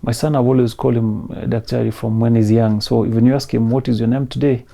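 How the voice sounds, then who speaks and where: Soft-spoken Kenyan man, gravelly voice. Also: medium pitch, level tone, fast talker. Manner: emotional, soft-spoken, mixing in Swahili phrases. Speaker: interview guest. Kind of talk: personal story interview.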